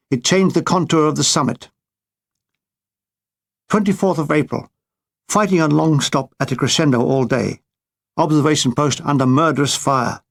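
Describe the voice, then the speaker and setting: A man reading his own war memoir with a dry, deadpan comic delivery. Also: on the high side, creaky. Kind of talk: audiobook memoir narration.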